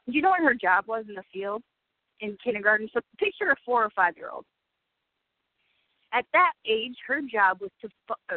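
A woman's voice: on the high side, no room sound. A woman in her forties, a radio guest, speaking candidly and emotionally and swearing freely. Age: 40s. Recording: tinny phone-like dry sound.

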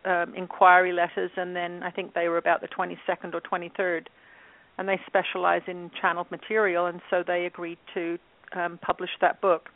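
A woman in her fifties from England, a guest telling her story in a relaxed interview with many fillers. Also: lowish voice, fairly quick. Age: 50s. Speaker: guest, channel and author. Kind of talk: casual interview talk. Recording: tinny phone line.

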